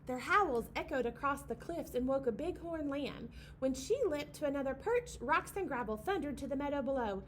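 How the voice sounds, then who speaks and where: A woman's voice: sits high, expressive, normal speed, few pauses, a bit bright, slight background noise. A young woman leading a library storytime for babies, reading a picture book aloud in a playful sing-song way and acting out the animal sounds.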